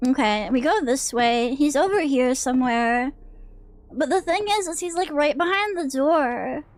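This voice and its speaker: A woman's voice: high voice, expressive, unhurried. A woman VTuber chatting casually while playing a horror game, jumpy and swearing as she jokes with her chat. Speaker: VTuber streamer. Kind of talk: casual livestream game commentary.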